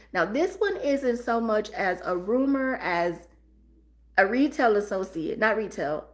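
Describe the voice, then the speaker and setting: Middle-aged woman, chatty live-stream host reading viewer comments. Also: medium pitch. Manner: chatty, talks straight to viewers, reads comments aloud. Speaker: livestream host. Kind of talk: casual live chat haul.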